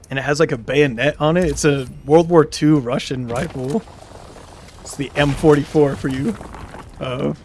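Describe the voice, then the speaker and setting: A young man streaming a game, telling a long story in a rambling, casual way with many fillers and restarts. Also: a little high. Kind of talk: casual storytelling while gaming.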